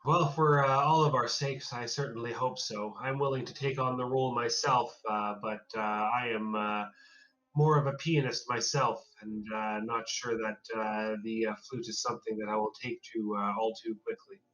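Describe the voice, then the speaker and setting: A man running a tabletop horror game as game master, narrating in a halting, hesitant way with many pauses. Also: lowish voice, steady tone, fairly bright tone. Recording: distant, dull lo-fi mic.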